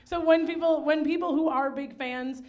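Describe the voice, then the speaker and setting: A woman's voice: high voice, steady tone, normal speed, lo-fi sound. A woman hosting a live variety show, chatting enthusiastically with her guest and acting out quotes. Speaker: host. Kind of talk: casual interview chat. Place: outdoor live show at an RV park.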